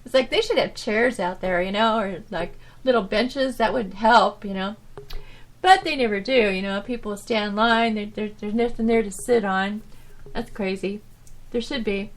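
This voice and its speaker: A woman hosting her own podcast, telling stories from her old job in a rambling, animated way, full of restarts and "you know"s. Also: mid-range voice, moderate pace. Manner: animated, swinging from loud to soft. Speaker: podcast host. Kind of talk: casual storytelling monologue.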